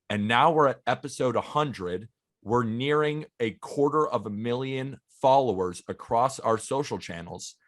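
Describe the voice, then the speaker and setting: A man in his twenties co-hosting a casual podcast, earnest and eager, talking in long runs. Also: on the low side. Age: 20s. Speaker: podcast co-host.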